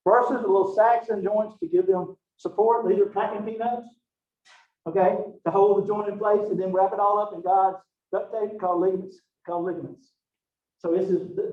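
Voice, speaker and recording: A high-voiced man races through a biology lecture in a folksy, joking way, calling out to the class. He is heard from a distance in an echoey classroom, over a thin, phone-like recording. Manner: folksy, joking, talks to students with y'all and okay. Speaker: college biology instructor.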